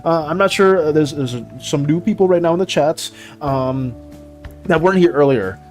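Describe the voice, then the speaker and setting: A man's voice: a little high, moderate pace, darkish tone, soft background music. A man streaming while he draws, chatting casually with viewers, laughing often and repeating himself. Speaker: art streamer. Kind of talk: casual livestream chat while drawing.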